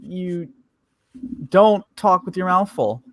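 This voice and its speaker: A man's voice: high-pitched, animated, measured pace. A man co-hosting a casual podcast, making wry remarks and correcting the others. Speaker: podcast co-host. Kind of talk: casual group banter.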